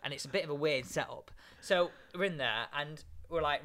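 Bright-voiced young man telling a story. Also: on the high side, a little fast, hardly any pauses. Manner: animated, acts out other voices. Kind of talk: casual anecdote.

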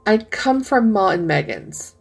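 An uneasy male messenger delivering grave news in a low, measured, formal way, voiced by a woman reading aloud. His voice is soft and breathy. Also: very animated, full character voice.

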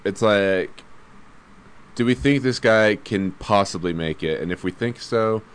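Low smooth-voiced guy chatting sports, measured, lots of um and like. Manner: measured, explanatory, hedging with fillers. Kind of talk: casual sports chat.

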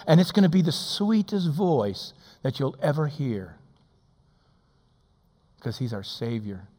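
A man's voice: sing-song, a little slow, pauses often. Older man preaching in a hall. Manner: swings from booming to hushed, preacherly. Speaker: assistant pastor. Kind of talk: sermon. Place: church sanctuary. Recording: church hall reverb.

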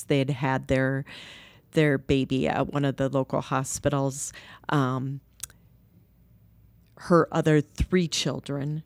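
A woman's voice: very deep voice, vocal fry, dry recording. A woman co-founder of a nursery, earnestly telling a story in an interview and animating the voices of people she quotes. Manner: earnest, animated when quoting others.

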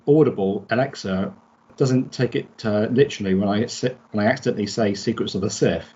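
A man's voice: fairly low pitch, a little mellow, highs cut off, slight background noise. A man chatting casually on a podcast panel, telling a story in a rambling way and correcting himself as he goes. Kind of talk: casual chat.

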